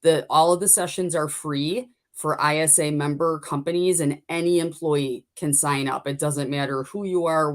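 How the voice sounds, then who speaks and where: A woman guest on a business webcast, explaining her sessions in an upbeat, fluent way. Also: deep voice. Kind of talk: casual webcast chat.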